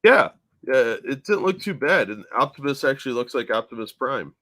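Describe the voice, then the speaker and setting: Man co-host, mid-pitched voice that moves a lot, dry jokes. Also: big pitch swings, normal speed, pushed and bright. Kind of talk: casual podcast chat.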